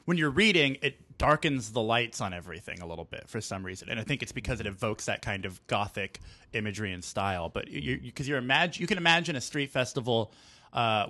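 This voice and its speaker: A man's voice: medium pitch, pushed and bright, no echo. A man co-hosting a podcast, chatting casually about a book in a joking, rambling way. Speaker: podcast co-host. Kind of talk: casual book club chat.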